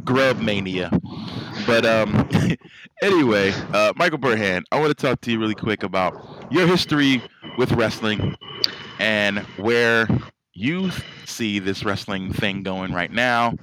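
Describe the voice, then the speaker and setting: A man from Philadelphia hosts a relaxed podcast interview in a low, easygoing voice. He ribs his guest with quick, joking asides between questions. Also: slight background noise, poor audio. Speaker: podcast host.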